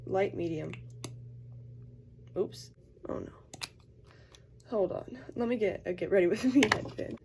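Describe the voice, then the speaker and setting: Gravelly and mid-range, this young woman speaks unhurriedly with long pauses over noisy surroundings. She's a college student filming a casual get-ready-with-me vlog, chatty, full of "like," and acting out quoted voices.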